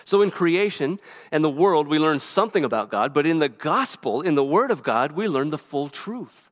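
A male pastor preaching a sermon quickly and earnestly, often restarting his phrases. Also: a little high, animated. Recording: reverberant hall.

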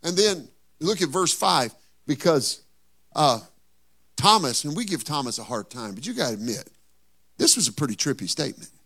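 A man preaching a sermon with a high, gravelly voice that leaps up and down in pitch. He talks to the congregation like a conversation, tossing out rhetorical questions, and then swells to loud, emphatic peaks. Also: big pitch swings, moderate pace, pauses often. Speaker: pastor.

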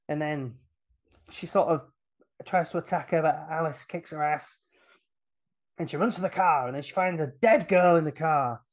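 A man on a casual podcast, retelling a film's plot with lively energy, acting out the characters' lines and laughing often. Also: on the high side, normal speed. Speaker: podcast guest retelling a film.

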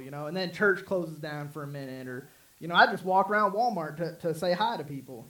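A male pastor with a high-pitched, fairly bright voice preaches a little fast in a low-quality recording. Earnest and rambling, he repeats himself, restarts often, and uses plenty of fillers.

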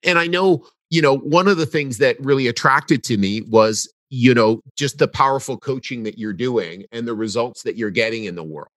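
A man hosting a podcast, with a voice of middling pitch. He asks his questions in a loose, agreeable way, padded with "you know". The recording is dry, with no echo. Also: normal speed, hardly any pauses, a bit bright. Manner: agreeable, filler-heavy questioning. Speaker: podcast host and coach. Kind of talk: casual interview questions.

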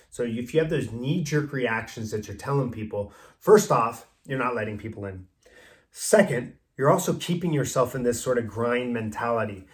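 A man who works as a personal trainer, co-hosting a podcast in casual chat and explaining things in an easygoing way. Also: mid-range voice. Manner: easygoing, explanatory, drifts into acted-out dialogue.

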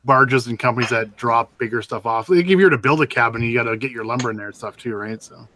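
A man's voice: mid-range voice, fast, pushed and bright. A man from British Columbia co-hosting a podcast, chatting casually and explaining at length with restarts. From British Columbia, Canada. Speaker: podcast co-host. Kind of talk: casual group chat.

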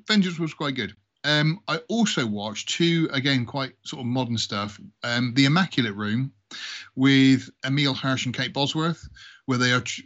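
A man's voice: medium pitch, fairly bright tone, highs cut off. A British man casually chatting about films as a podcast co-host, rambling and jokey. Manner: rambling, jokey, laughs often.

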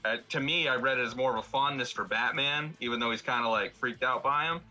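A man's voice: mid-range voice, fairly quick, sharp tone, faint music behind, low-quality recording. A man talking casually on a podcast panel about a film, rambling with many fillers and restarts.

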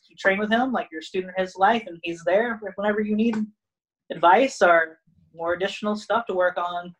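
A young man, a guest wrestler, rambling casually with lots of "like" and animated retellings of stories. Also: high voice, a little fast, rough recording. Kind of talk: casual podcast chat.

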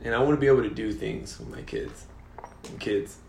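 A man's voice: on the low side, steady tone, brisk, gravelly, a little mellow. A young man co-hosting a podcast, telling rambling stories with swearing and laughter in casual chat. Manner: profane, laughing storyteller. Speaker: podcast co-host. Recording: echoey room.

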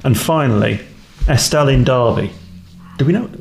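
A man's voice: mid-range voice, expressive, normal speed, creaky, a little hiss or hum. A man who produces a gardening podcast, reading out listener questions with dry jokes. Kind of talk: casual chat. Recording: roomy echo.

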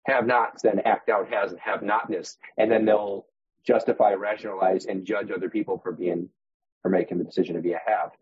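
Husky-voiced man explaining animatedly. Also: on the low side, fairly even intonation, fairly quick, no room sound. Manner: demonstrative, acts out inner voices, uses props as metaphors. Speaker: guest real estate agent. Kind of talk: animated podcast conversation. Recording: dull muffled podcast audio.

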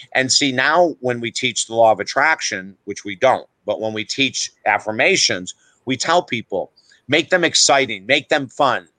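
Bright, forceful middle-aged man telling stories. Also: mid-range voice, dry recording, poor audio. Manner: emphatic, blunt, self-deprecating. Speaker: guest author. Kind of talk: animated podcast storytelling.

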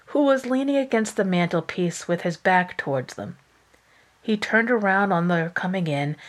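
A woman podcast host reading a novel aloud. Her delivery is upbeat and clear. Her voice sits on the low side for a woman.

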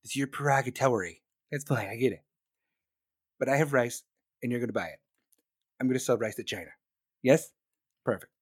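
A man's voice: mid-range voice, normal speed, long pauses, no echo, studio quality, voice pushed down, natural voice. A man doing an impression of a brash, boastful older male president, talking in blunt, bossy, repetitive phrases. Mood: wheeling-dealing.

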